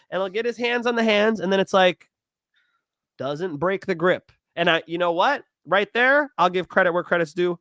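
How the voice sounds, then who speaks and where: A young man co-hosting a casual sports betting talk show, blunt and animated, swearing and getting loud when worked up. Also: sits high, no room sound, clean studio sound. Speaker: MMA podcast co-host.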